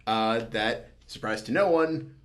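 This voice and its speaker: A man's voice: mid-range voice, unhurried. A man co-hosting a podcast in casual chat, summarizing a film in a laid-back way with frequent laughter. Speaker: podcast co-host.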